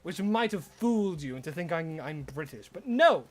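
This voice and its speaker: A man's voice: a little high, expressive, moderate pace. A young Australian man with a mix of Australian and American accent, chatting casually with his live-stream chat while playing a game, mock-indignant and talkative. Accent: Australian with some American.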